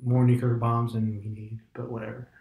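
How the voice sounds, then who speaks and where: A man's voice: medium pitch, level tone, normal speed, narrow, tinny audio. A man chatting casually and animatedly, telling stories and slipping into mock voices. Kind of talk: casual chat. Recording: echoey room.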